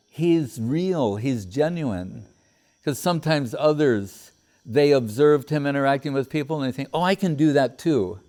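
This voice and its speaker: Reflective man with a mellow voice. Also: mid-range voice. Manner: reflective, paraphrasing his teacher with feeling. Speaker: spiritual teacher. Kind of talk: devotional talk with personal stories.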